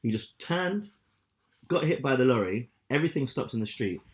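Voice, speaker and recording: A man in his thirties co-hosting a podcast, telling stories with lots of swearing and loud acted-out quotes. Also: mid-range voice, normal speed. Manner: animated storyteller, swears a lot, acts out quotes loudly. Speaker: podcast co-host. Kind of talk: casual chat.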